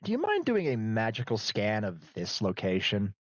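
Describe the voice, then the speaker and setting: A man playing a composed demon heir and powerful boss, speaking in a calm, businesslike way. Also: fairly low pitch, normal speed, no echo, lo-fi sound.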